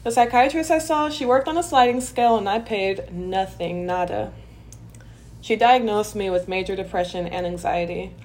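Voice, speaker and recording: A young adult woman hosting a personal podcast, telling her own story in a candid, expressive way, often laughing and talking straight to her listeners. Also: medium pitch, normal speed. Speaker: podcast host.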